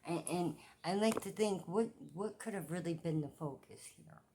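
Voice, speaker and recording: A woman in her forties ranting in a casual commentary vlog, profane and repetitive, with loud outbursts. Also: lowish voice, moderate pace, slight background noise. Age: 40s. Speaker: commentary vlogger.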